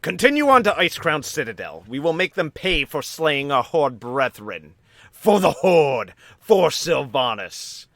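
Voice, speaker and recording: A man's voice: on the high side, big pitch swings, unhurried, no echo, clean studio sound, pitched above the performer's own voice, exaggerated voice. A man voicing a grim male elf commander who rallies his troops. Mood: rallying. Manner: commanding, shouts battle cries.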